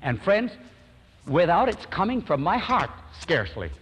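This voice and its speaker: Fervent, husky older preacher. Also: male voice, high voice, normal speed, in a large hall. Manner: fervent, lively storytelling with acted quotes. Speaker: pastor. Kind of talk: storytelling sermon.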